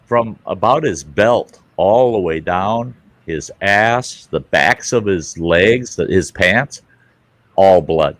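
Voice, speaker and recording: A man's voice: deep voice, expressive, a little slow, fairly bright tone, no room sound. A man hosting a casual livestream chat, telling a rambling, crude anecdote full of swearing. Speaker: livestream host.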